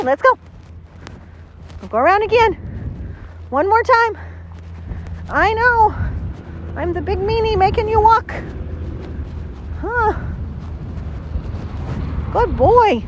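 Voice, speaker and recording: A woman's voice: very high-pitched, lively intonation, takes it slowly, long pauses, muffled recording, a little hiss or hum. A woman dog trainer recorded outdoors, talking casually through a training session and giving a dog lots of upbeat praise. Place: outdoors, cold and windy.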